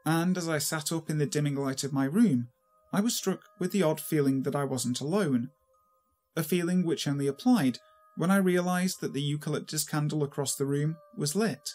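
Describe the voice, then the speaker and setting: A man reading a horror story aloud in a steady, measured way. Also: a little high. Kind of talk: scripted horror story narration.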